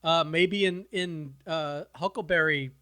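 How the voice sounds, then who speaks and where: A man's voice: fairly high pitch, a little slow, a bit bright. A man co-hosting a podcast, musing aloud in casual chat with swearing. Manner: rambling, swears, muses aloud. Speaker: podcast co-host.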